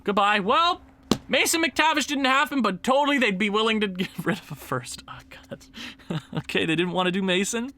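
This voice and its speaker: Brief: young male let's-play commentator, high and very lively voice, excitable, yells at the game. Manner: excitable, yells and laughs at the screen. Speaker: gaming YouTuber.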